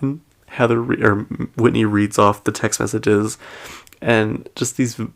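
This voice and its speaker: A man with a low, gravelly voice hosts a pop culture show and recaps celebrity and reality TV gossip. His talk is loose and chatty, full of "like" and "um", with laughs between sentences. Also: flat delivery, a little slow. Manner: chatty, heavy use of "like" and "um".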